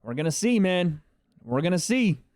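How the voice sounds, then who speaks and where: A man hosts a live fight reaction stream, chatting excitably with his viewers. His voice is smooth and resonant and sits a little high for a man. The sound is dry and close. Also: normal speed, dry recording. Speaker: livestream host.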